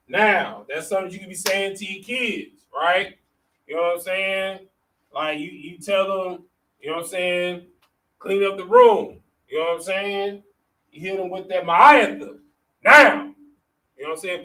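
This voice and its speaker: A man's voice: high voice, a bit bright. A man teaching a religious class, reading verses and explaining words in a casual way, often checking in with "all right?" and "you know what I'm saying?". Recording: distant mic with faint noise.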